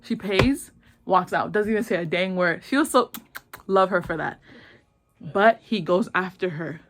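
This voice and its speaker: A young woman casually retelling a drama plot in a slangy, animated way, full of "like"s and acted-out lines. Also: on the low side, a little slow. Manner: animated, slangy, with many "like"s, acting out characters' lines. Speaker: host.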